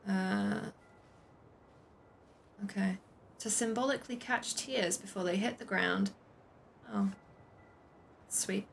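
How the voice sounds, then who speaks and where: A woman's voice: mid-range voice, slow, creaky, pauses often, a little hiss or hum. A woman streaming a game, chatting casually, laughing often, and reading on-screen text aloud.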